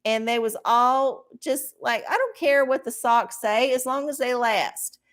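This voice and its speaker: A woman's voice: fairly high pitch, measured pace. A woman hosting a casual livestream, rambling bluntly with plenty of swearing and self-mockery. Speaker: livestream host doing oracle readings.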